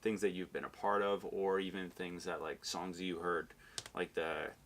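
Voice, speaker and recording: A man with a very low, gravelly voice hosts a podcast interview. He talks in a laid-back, agreeable way, filling pauses with "um" and "uh", and there is a faint hiss behind him. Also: flat delivery, a bit bright. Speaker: podcast host. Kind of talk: casual interview.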